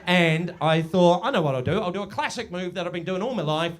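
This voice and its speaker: A man in his forties performing a stand-up comedy set in a village pub, swinging between booming and hushed storytelling. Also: fairly quick. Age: 40s. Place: village pub before a live audience.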